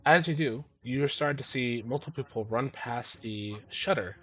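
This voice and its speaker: A man's voice: mid-range voice, fairly bright tone. Man narrating a tabletop game. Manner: halting, filler-heavy narration. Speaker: game master.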